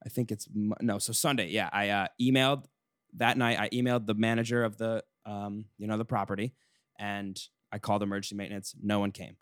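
A man's voice: lowish voice, level tone, a little fast, fairly bright tone, dry recording, clean studio sound. A young man hosting a podcast, telling a long story in a casual chat with lots of swearing and restarts. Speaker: podcast host.

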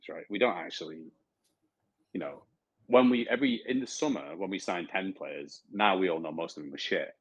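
A man co-hosting a football podcast, telling animated stories and mimicking fans. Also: breathy edge, no echo, poor audio. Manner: animated storyteller, mimics fans in high voices, swears. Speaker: podcast co-host. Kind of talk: casual football chat.

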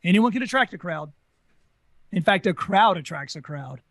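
A man with a Southern US accent, a former carnival talker telling stories in an interview, talking fast and animated. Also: high-pitched, no echo. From Southern United States. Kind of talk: casual storytelling interview.

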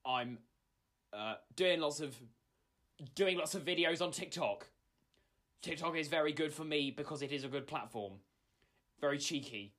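Cocky young online comedian, put on by a male podcast host, bright tone, boastful, mate this and mate that. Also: on the high side, normal speed, lightly acted.

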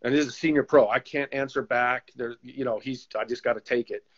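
A man, a former goalkeeper turned coach, telling animated stories in a casual interview and acting out the voices of people he quotes. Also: medium pitch, a little fast. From United States. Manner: animated storyteller who acts out quoted voices. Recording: slightly dull lo-fi sound.

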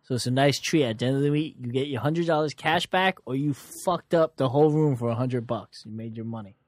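A man's voice: medium pitch, brisk, no echo. A young man, a comedian, telling stories in a casual chat in a dry, sarcastic way with a lot of swearing. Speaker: comedian guest.

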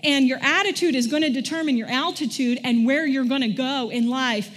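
A woman's voice: high voice, brisk. A middle-aged woman preaching a sermon in a conversational way, often asking the congregation questions. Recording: long church hall reverb.

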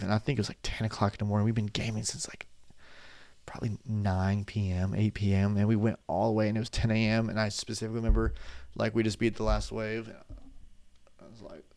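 A man's voice: fairly low pitch, gravelly, a little mellow, no echo, studio quality. A man in his twenties talking casually into a desk microphone at home, rambling off on tangents while sleepy and yawning. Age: 20s. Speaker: vlogger.

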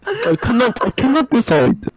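A giggly, teasing man joking with friends over a game. His voice is high and very lively, leaping around in pitch. The sound is dry and close, with faint music underneath. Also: normal speed, no room sound. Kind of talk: joking chat while playing a game.

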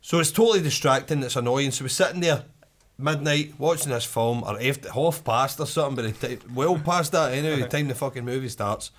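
A man's voice: mid-range voice, a little fast. A Scottish man telling a rambling story in casual chat, swearing freely and laughing often.

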